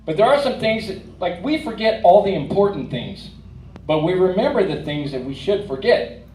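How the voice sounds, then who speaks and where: A man performing a stand-up comedy set in a club, giving dry punchlines with a drawn-out delivery. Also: high-pitched, expressive, darkish tone, a little hiss or hum. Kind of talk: stand-up routine. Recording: roomy club audio from a distance, audience laughter.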